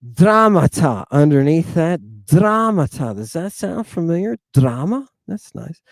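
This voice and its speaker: A man teaching a lesson in a casual, animated way, often asking "right?" and calling his listeners "people". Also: fairly high pitch, unhurried, vocal fry, dry recording. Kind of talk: informal lesson.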